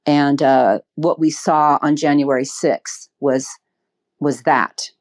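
A woman's voice: low-pitched, fairly even intonation, slow, a little mellow. A woman speaking as an interview guest, earnest and emphatic, with ums and restarts as she thinks aloud. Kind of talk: political interview.

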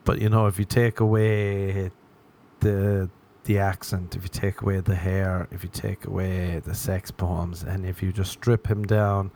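A man's voice: deep voice, little pitch movement, unhurried, a little mellow, slight background noise. A man with an Irish accent hosting his own podcast, rambling through a self-mocking comic monologue and slipping into acted inner voices. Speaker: podcast host.

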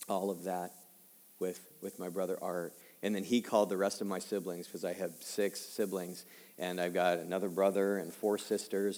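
A low-pitched male pastor in his fifties delivers a conversational sermon drawn from his own life. Weighty passages come out soft and slow, while key points rise in volume, all echoing with long hall reverb.

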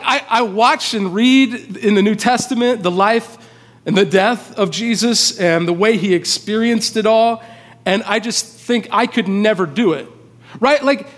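A man's voice: high voice, measured pace, fairly bright tone. A man preaching a sermon as pastor, casual and conversational, with informal asides. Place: church hall. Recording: long reverb of a large hall.

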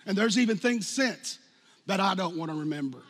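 A man in his fifties preaching a sermon as pastor, animated, jumping from loud outbursts to hushed lines and acting out quotes. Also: sits high, a little fast. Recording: long hall reverb.

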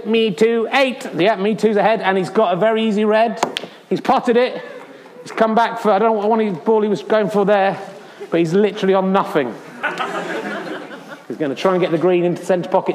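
A man with a high, lively voice plays a pompous snooker commentator and announcer for a live theatre crowd. He is sardonic and swears freely. The sound carries a long hall reverb and a faint hiss. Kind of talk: mock sports commentary on stage. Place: theatre stage.

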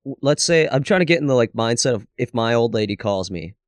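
Hungover man, lively questioning podcast chat. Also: mid-range voice, fast talker, no room sound, clean studio sound. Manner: animated, laughs often, asks lots of questions. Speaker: podcast co-host. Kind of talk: casual chat.

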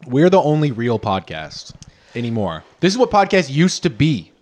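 A man co-hosting a podcast in casual chat, excitable and profane, laughing often and jumping up in pitch when worked up. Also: normal speed. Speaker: podcast co-host.

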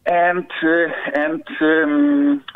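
A man from Poland with a Polish accent, calling in to a show and speaking haltingly, full of "you know". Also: on the high side, very animated, gravelly, clear, resonant tone. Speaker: caller. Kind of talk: casual call-in chat. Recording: muffled phone call-in line.

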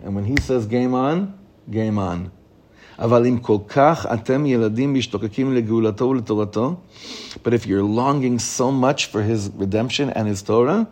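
A man teaching a class as a rabbi. He reads a text aloud, explains it line by line, and grows lively when he quotes excited children. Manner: animated, pitch rising when reading children's excited questions. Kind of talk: Torah lesson.

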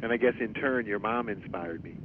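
A low-voiced man hosts a podcast interview and asks earnest, measured questions. He comes through a tinny, phone-like line with clear rumbling noise behind him. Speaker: podcast host.

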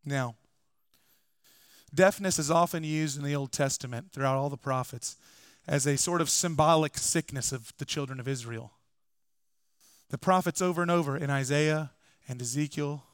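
A man's voice: fairly high pitch, dry recording, studio quality. Conversational male pastor preaching a sermon. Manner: conversational preaching with joking asides. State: recovering from illness. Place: church.

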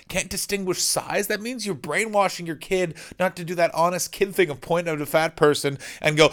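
Loud, profane man ranting. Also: high voice, brisk, few pauses. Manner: loud, excitable, profane, jumps between topics. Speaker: podcast host. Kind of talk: comic rant. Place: hotel room. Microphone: video call microphone.

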